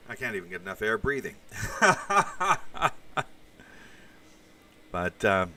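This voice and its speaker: Recorded from a distance, a man with a deep voice talks quickly and sharply, barely pausing. He's a podcast host running a casual livestream, reading the live chat and rambling through asides with crude swearing here and there.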